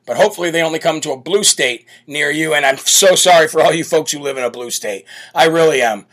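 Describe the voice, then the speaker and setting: A man's voice: on the high side, fast, a bit bright. A man hosting a live political commentary show, speaking in a brash, bold, emphatic way. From United States. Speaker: political talk show host.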